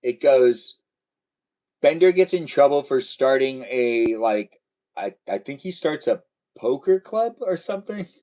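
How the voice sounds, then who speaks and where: A man's voice: mid-range voice, expressive, measured pace, mellow, poor audio. A young man hosting a casual live stream, chatting playfully and answering viewers' comments.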